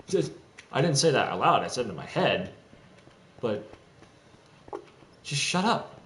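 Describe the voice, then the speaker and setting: A man's voice: a little high, big pitch swings, normal speed, long pauses, fairly bright tone. Profane young man ranting in an echoey room. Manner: agitated, profane, rambling with restarts. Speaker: streamer. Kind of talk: ranting monologue. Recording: echoey room, faint background noise.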